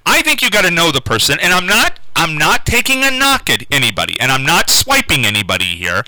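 A man hosting a call-in radio show, talking unscripted and halting, often repeating words and restarting. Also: fairly high pitch, wildly swooping pitch, sharp tone, no echo, low-quality recording. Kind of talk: casual unscripted call-in talk.

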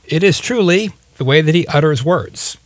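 A man's voice: a little high, expressive, moderate pace, no echo. A man hosting a casual radio talk show, chatty and folksy, laughing often.

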